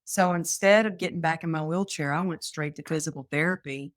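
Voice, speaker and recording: A woman's voice: low-pitched, fairly quick, no room sound, clean studio sound. A woman from Texas, a guest on an interview show, telling her own story with energy and acting out the voices she quotes. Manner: animated, acts out quoted voices.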